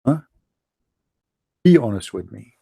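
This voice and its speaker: A man giving mocking, sarcastic livestream commentary as a religious debate streamer, dropping into dramatic hushed asides. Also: mid-range voice, very animated, slow pace, gravelly, breathy edge.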